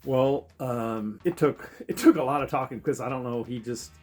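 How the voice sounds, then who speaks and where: A man's voice: mid-range voice, moderate pace, faint music behind. A man telling a travel story in a casual, profane way, laughing as he goes. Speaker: travel vlogger.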